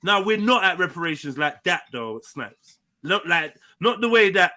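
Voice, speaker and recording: A man's voice: high-pitched, lively intonation, normal speed, pushed and bright, dry recording. A man from England hosting a heated livestream panel, talking bluntly and animatedly, swearing freely.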